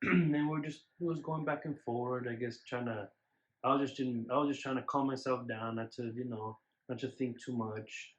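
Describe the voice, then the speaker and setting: A man, a vlogger and new father, telling his side of a story in a casual, halting way. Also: mid-range voice, steady tone. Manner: halting, restarts often. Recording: dull lo-fi sound.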